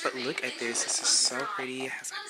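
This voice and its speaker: A young woman chats straight into her phone for her vlog, blunt and loose with the swearing. Her voice rings off the walls around her. Steady background noise sits under her talk. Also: rumbling low, fairly quick, echoey room. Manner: chatty, blunt and heavily profane. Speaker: vlogger. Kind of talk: casual vlog chat. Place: apartment, then out shopping.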